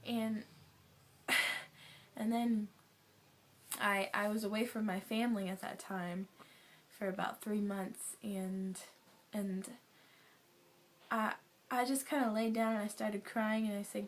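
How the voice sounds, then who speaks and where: A young adult woman giving an earnest, emotional personal faith testimony, often sighing and dropping to a soft near-whisper. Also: medium pitch, steady tone, a little slow, long pauses. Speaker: guest sharing a testimony.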